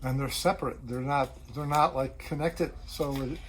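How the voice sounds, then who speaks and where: A man's voice: mid-range voice, fairly even intonation, moderate pace, a little hiss or hum, poor audio. A man co-hosting a ministry program who adds brief, affirming remarks to the conversation. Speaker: co-host, ministry leader. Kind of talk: conversational interjections.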